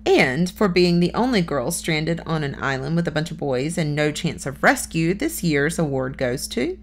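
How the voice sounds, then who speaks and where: A woman's voice: low voice, lively intonation, normal speed, a little hiss or hum. A woman reading a children's novel aloud as first-person audiobook narration, plain storytelling with small lifts for dialogue.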